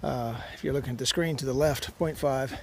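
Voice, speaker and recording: Talking fairly quickly in a medium-pitched voice with vocal fry, a long-distance hiker vlogs from a mountain trail. His casual, wandering commentary is sprinkled with many "uh"s, and there's outdoor noise behind him.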